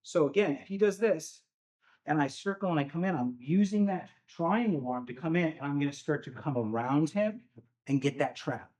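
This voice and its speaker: A man giving a calm, step-by-step self-defense demonstration lesson, often checking in with "okay?". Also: fairly high pitch, normal speed.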